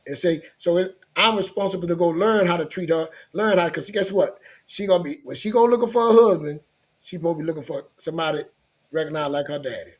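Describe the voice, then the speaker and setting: A man's voice: on the high side, fast. A middle-aged man talking in a casual chat, earnest and rambling, often repeating himself.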